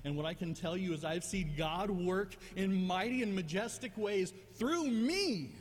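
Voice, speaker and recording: A man's voice: sits high, fairly even intonation, normal speed, in a large hall. A male pastor preaching a sermon in a conversational, self-deprecating way, often repeating words as he goes.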